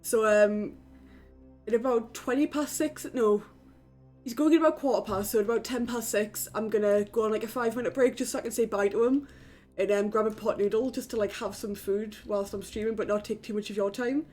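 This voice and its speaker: Young uk woman streaming games from her flat, chatty and sweary, soft music in the background. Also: a little high, brisk. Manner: chatty, casual swearing, talks to chat. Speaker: game streamer. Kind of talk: casual live-stream chat. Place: home in a flat.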